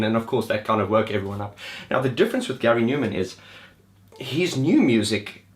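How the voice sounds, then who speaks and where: A man talks through a gig review in a loose, excited way, circling back and restarting his sentences. His voice sits on the lower side for a man. He sounds like someone sharing his enthusiasm straight to camera. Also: fairly quick. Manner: enthusiastic, rambling with restarts and laughs. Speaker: music vlogger reviewing gigs. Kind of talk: casual spoken gig review.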